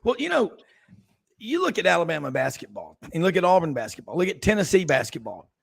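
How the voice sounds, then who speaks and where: High gravelly folksy sports host. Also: male voice, fast. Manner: folksy and excitable, exclaims often. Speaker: radio sports show host. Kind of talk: casual sports radio chat.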